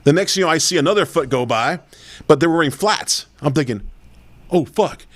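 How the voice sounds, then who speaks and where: A man's voice: fairly high pitch, expressive, fast talker, a bit bright. A man telling long, loose stories in a casual podcast chat, rambling and swearing, full of fillers. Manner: rambling, profane, full of fillers and "you know".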